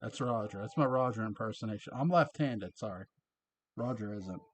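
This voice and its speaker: A man's voice: lowish voice, moderate pace, a little hiss or hum. A man casually recapping and reviewing a TV episode, chatty and chuckling at his own asides.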